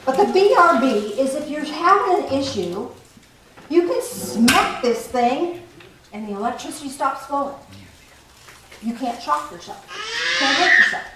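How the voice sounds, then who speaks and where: High-voiced woman teaching a spiritual group. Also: unhurried, long pauses. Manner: animated, playful, laughs often. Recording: echoey room from far off, faint noise.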